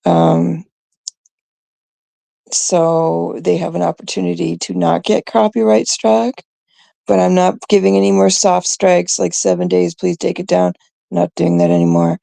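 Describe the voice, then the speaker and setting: A woman from Canada, hosting her own live stream, rants bluntly and with exasperation. Her voice is heavily gravelly and mellow, and her delivery is slow and drawn out, with many fillers and pauses. The sound is dry and close. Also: lowish voice, fairly even intonation, no room sound. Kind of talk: ranting live stream commentary.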